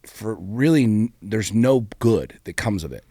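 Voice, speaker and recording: A man's voice: fairly low pitch, expressive, a little slow, warm tone, slightly rough, dry recording, clean studio sound. A man co-hosting a relationship talk show, talking candidly and bluntly, swearing freely and firing off rhetorical questions. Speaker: podcast co-host. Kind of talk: candid casual chat.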